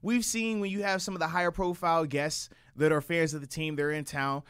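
A man co-hosting a casual sports show, a former player who walks through football strategy with animated energy. His voice sits a bit high for a man. The sound is close and dry, with no room around it. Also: fairly quick, smooth, no echo. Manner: animated, explains plays.

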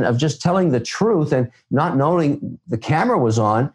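A Canadian man, a guest investor, telling stories in an interview in a blunt, animated way. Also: mid-range voice, a little fast, few pauses. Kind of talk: storytelling interview answers.

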